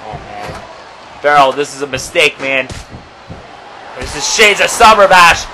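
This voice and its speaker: Excitable man calling wrestling action. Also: measured pace, a faint crowd, a little hiss or hum, rough recording. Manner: swings from low murmurs to shouted excitement. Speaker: play-by-play commentator. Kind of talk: excitable amateur wrestling commentary.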